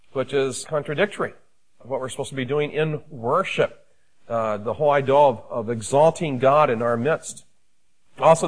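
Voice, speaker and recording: A man, a pastor, preaching a sermon in a measured, emphatic way with frequent fillers. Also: mid-range voice, poor audio.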